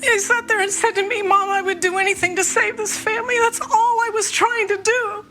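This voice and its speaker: High, bright tearful woman. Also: steady tone. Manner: emotional, halting testimony. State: tearful, near crying. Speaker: mother recounting an ordeal. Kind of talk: documentary interview. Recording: soft music underneath.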